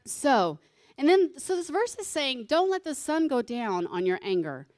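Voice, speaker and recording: Woman, sermon, conversational, teasing, slightly high voice. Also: very animated, unhurried, a little mellow.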